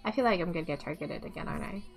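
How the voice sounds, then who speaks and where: A young woman giving casual, excitable gameplay commentary at home, swearing often and laughing a lot. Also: lowish voice, rapid-fire. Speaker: game streamer. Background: faint game music.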